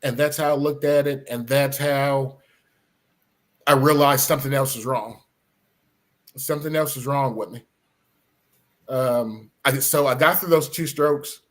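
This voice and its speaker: A middle-aged police officer telling his own story in an earnest, halting way, with many fillers and restarts. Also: medium pitch, steady tone, fairly bright tone. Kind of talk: personal story, casual talk.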